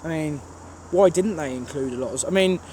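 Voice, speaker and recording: A man's voice: a little high, a little fast. A man with a strong Birmingham accent answering viewer questions in a casual vlog, blunt and rambling with plenty of fillers, recorded outdoors at a railway station. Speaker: trainspotting channel host. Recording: outdoor background noise.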